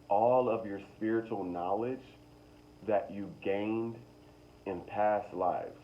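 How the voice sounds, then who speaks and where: A young man talking casually to his viewers about spiritual awakening, rambling and repeating himself, with slow emphatic stretches. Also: fairly low pitch, lively intonation, muffled recording, slight background noise. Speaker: spiritual vlogger. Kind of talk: casual motivational monologue.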